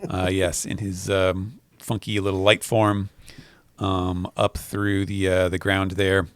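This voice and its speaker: A man with a low voice recaps a comic chapter on a casual podcast, recorded dry and close. He speaks in a relaxed way, with small laughs, and jumps into quick acted lines for the characters. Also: no room sound. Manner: relaxed, laughing asides, acts out quoted lines. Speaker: podcast co-host.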